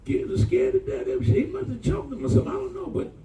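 A male pastor preaching a sermon, telling stories in a colloquial, animated way and calling out to the congregation. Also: very high-pitched, fast, slight background noise. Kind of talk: sermon storytelling. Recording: echoey room from far off.

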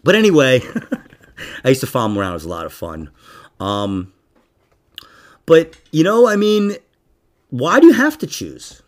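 A middle-aged man hosting a podcast, talking loudly and profanely with lots of laughter. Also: mid-range voice, moderate pace, long pauses. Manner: loud, profane, animated, laughing often. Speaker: podcast host. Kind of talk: casual podcast chat.

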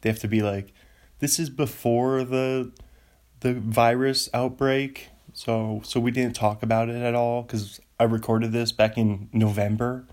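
A man hosting a solo podcast, rambling and excitable, joking around as he talks from his home studio. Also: mid-range voice, a little slow. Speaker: podcast host.

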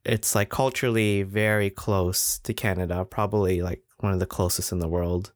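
A man's voice: sits low, steady tone, moderate pace, dry recording, clean studio sound. A man co-hosting a casual chat podcast, telling travel stories in a rambling way and laughing often. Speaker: podcast co-host.

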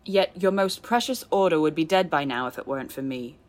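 A woman's voice: deep voice, lightly acted. A woman reading as a sneering cold young man. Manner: slow, clipped, contemptuous delivery.

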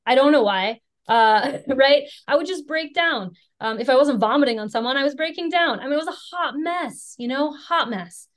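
A young American woman with a somewhat higher voice speaks in a candid personal testimony. She talks frankly and with self-deprecating humor. Her speech is loose and conversational, full of "you know" and "right". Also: animated, brisk, hardly any pauses. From Chicago area, United States. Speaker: speaker sharing recovery story.

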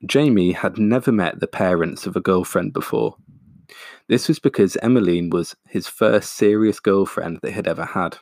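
A man, a podcast host, reading his own short story in a calm, steady way. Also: low-pitched, normal speed, dry recording, clean studio sound.

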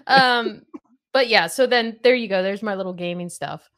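A woman chatting on her podcast, easygoing and a bit self-conscious, breaking into laughs as she tells stories. Her voice sits at an ordinary middle pitch. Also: normal speed, a bit bright. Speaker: podcast host. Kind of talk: casual chat.

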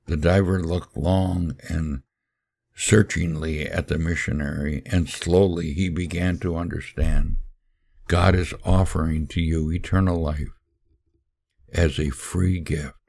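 A man hosting a podcast, telling a sermon story in a solemn, measured preaching manner. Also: sits low, steady tone, gravelly, a little mellow.

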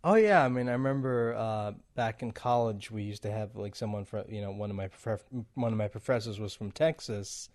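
A man's voice: on the low side, fairly quick, few pauses, a little mellow. Chatty man with easy laughs. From a non-English-speaking country. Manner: laughs often, many fillers and restarts. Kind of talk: casual chat.

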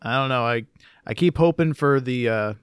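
Hesitant man, clear dry voice. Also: medium pitch, normal speed, no room sound. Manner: hesitant, many fillers. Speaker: podcast co-host. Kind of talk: casual sports chat.

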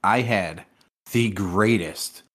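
A man's voice: lowish voice, slow pace, a bit bright. A man co-hosting a podcast, chatting casually and telling rambling stories. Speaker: podcast co-host. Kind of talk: casual chat.

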